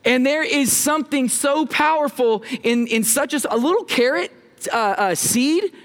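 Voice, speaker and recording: A pastor in his thirties preaching a sermon from the front of a church. His voice is high for a man, and he keeps the tone loose and playful, joking with the congregation and asking them to answer back. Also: normal speed, fairly bright tone. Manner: casual, joking, talks with the congregation. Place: church sanctuary.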